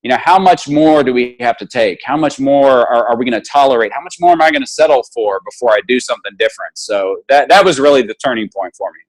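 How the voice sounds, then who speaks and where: A man telling his personal story as an interview guest, earnest and animated, with restarts and acted-out dialogue. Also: medium pitch, fast, hardly any pauses, rough recording. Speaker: guest, motivational speaker.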